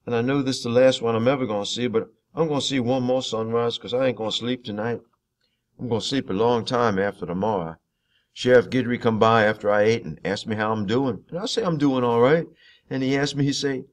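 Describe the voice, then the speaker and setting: A man reading a novel chapter aloud in first person, in a steady, unhurried storytelling way. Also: mid-range voice.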